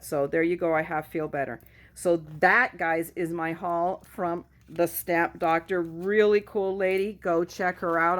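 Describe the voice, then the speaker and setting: Chatty goofy woman with a lowish voice. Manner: chatty, goofy and self-mocking. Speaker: craft vlogger. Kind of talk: casual haul chat. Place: at home.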